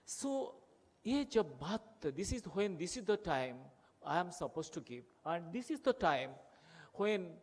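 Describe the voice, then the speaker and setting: This is a man with an Odia-accented Indian English, delivering an impassioned speech to a conference hall. His voice sits high, and he circles back to the same phrases for emphasis. He builds his appeals through rhetorical questions. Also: very animated, moderate pace. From Odisha, India. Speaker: conference speaker.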